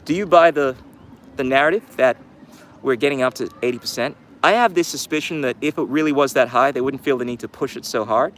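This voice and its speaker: A man's voice: medium pitch, fairly quick, a bit bright, slight background noise. Sarcastic man rambling. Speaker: channel host. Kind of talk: casual commentary livestream.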